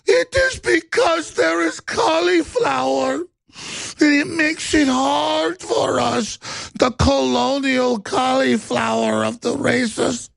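A man mocking a woman politician with a high, drawn-out, wailing voice and a put-on Latin American accent. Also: gravelly, no room sound, heavily acted.

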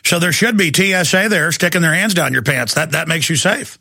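A man hosting a talk radio show, ranting heatedly and shouting at times, then taking calls. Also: fairly high pitch, creaky. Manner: angry, shouting at times, fast bursts.

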